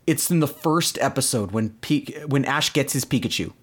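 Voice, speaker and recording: A man co-hosting a podcast, telling stories in an exasperated, animated way. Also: mid-range voice, normal speed, slightly rough. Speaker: podcast co-host. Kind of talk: casual chat.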